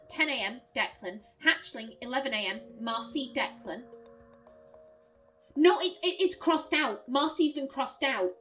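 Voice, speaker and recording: A high-pitched woman commenting on a puzzle game, reading clues aloud and thinking things through as she goes. She laughs easily between her musings. Faint game music runs quietly underneath. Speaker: let's play host.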